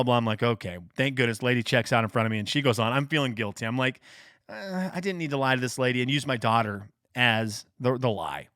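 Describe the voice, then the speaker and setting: A podcast host with a medium-pitched, slightly bright voice is recorded dry, with clean studio sound. He tells a casual, rambling, self-mocking story, quoting the people involved.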